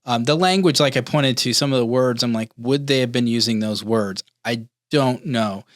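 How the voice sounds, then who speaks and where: A man from Montana talking casually on a podcast panel, often halting and restarting his sentences. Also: medium pitch, dry recording, studio quality.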